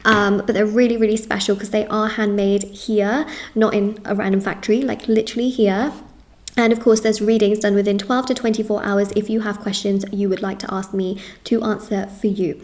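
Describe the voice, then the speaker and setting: Woman, tarot reading, earnest, reassuring, repeats herself, mid pitch. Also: a little mellow. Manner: lists things in quick runs. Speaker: tarot reader.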